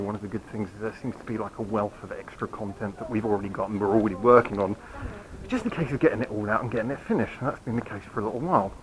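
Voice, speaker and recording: A man's voice: fairly low pitch, a little hiss or hum, low-quality recording. Rambling man vlogging on a night walk. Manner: rambling, apologetic, self-mocking. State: hiccuping. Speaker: channel host. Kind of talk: casual walking vlog update. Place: quiet city street at night, outdoors. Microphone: handheld camera while walking.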